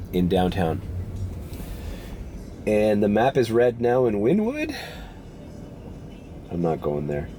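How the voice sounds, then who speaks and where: A young man, congested and sniffly, chatting casually and swearing a lot while driving at night for a rideshare vlog. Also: on the low side. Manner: laid-back, swears often, says bro. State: congested, runny nose. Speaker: rideshare driver vlogger. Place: inside a car at night. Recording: faint road and car noise.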